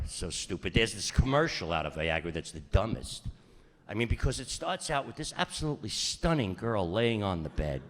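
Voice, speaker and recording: A man's voice: medium pitch, bright, forceful tone, in a large hall, slight background noise. A middle-aged man performing a stand-up comedy routine with brash, punchy delivery and mock-exasperated asides.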